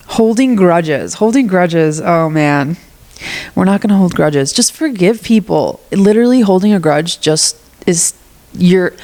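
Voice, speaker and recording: A young woman with a slightly low voice and a stuffy nose, hosting her own podcast in a loose, candid monologue. She swears casually and jumps into little acted-out lines of what she'd say to people. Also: a little mellow. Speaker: podcast host.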